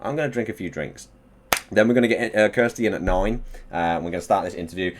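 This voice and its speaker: A young streamer talks fast in a voice that sits low, pumping up his chat before an interview. The casual stream is full of excitement and swearing.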